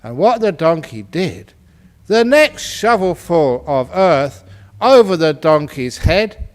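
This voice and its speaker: A man's voice: a little high, sing-song, slow pace. A man, a Buddhist monk, telling a humorous teaching story in a playful way and laughing at his own jokes. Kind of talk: humorous storytelling dharma talk.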